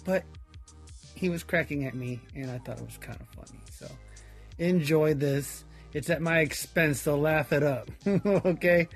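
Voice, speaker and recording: A man's voice: a little high, a little slow, soft background music. A man hosting a podcast, talking in a rambling, casual way with chuckling asides. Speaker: podcast host.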